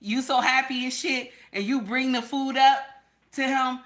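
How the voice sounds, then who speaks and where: A woman hosts a livestream and talks straight to her chat. Her voice is bright and fairly high, and her delivery is blunt and candid. She keeps checking in with "okay?". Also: steady tone, measured pace. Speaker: livestream host.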